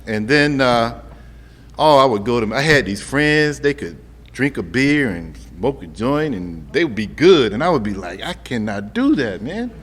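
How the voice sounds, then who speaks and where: A man's voice: medium pitch, expressive, measured pace, fairly bright tone. A middle-aged man telling his recovery story to an audience, conversational and humorous, talking straight to the crowd. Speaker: speaker sharing a recovery story. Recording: long hall reverb, faint ambient noise.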